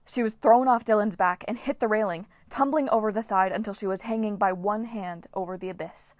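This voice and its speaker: A woman narrating a novel as an audiobook reader, with a lively, dramatic delivery. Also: medium pitch, brisk, no echo, clean studio sound. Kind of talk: scripted narration.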